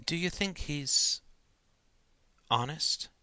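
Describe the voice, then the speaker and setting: A man voicing an awkward, probing teenage schoolboy in a storybook reading, halting and stammering. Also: fairly high pitch, animated, pushed and bright, no room sound, voice pushed up, exaggerated voice.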